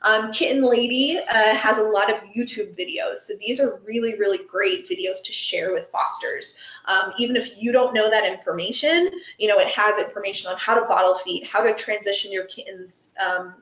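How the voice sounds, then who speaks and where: Woman presenter, mid-pitched, chatty webinar delivery full of ums, recorded with a roomy echo. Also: fairly even intonation, moderate pace, a bit bright. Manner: friendly, chatty, frequent ums and you-knows. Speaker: animal shelter foster program presenter. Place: Los Angeles area.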